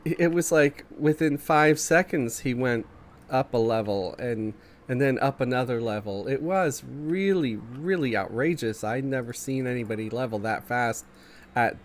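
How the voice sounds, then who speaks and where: A man with a medium-pitched, stuffy, congested morning voice chats with viewers while streaming a game, a little hiss or hum in the background. Laid-back and chuckling, he reads the chat aloud.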